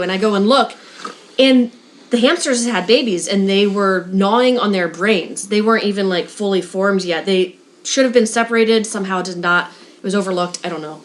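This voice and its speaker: A woman telling a story in casual chat, animated and slipping into voices for the people in it. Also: medium pitch, normal speed, slight background noise. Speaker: guest storyteller.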